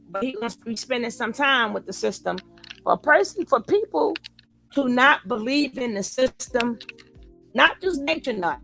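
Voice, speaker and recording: Gravelly woman doing live commentary. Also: high voice. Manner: animated, repeats quoted lines in different voices; talks back to a live chat. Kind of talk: casual reaction commentary.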